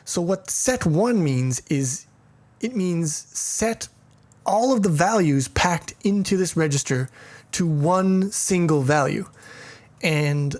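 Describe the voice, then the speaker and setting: A man's voice: fairly high pitch, animated, takes it slowly, darkish tone. A man walks through a programming lesson in a loose, casual way. He thinks aloud, stumbles through restarts and throws in crude jokes along the way. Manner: irreverent, joking, profane asides. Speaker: programming teacher. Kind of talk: casual coding tutorial.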